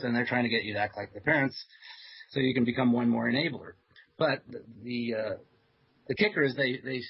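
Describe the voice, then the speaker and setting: A man guesting on a talk radio show, telling stories in a loose, chatty way full of ums and uhs. His voice is husky and sits at an ordinary pitch. The audio is dull and lo-fi. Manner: chatty storyteller with many fillers and soft laughs. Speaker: psychiatrist guest. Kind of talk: radio interview anecdote.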